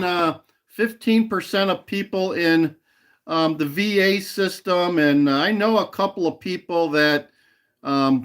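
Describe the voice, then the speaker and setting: The livestream host has a high voice with a fairly bright tone. He chats casually with live viewers, rambling on, laughing often and repeating a catchphrase.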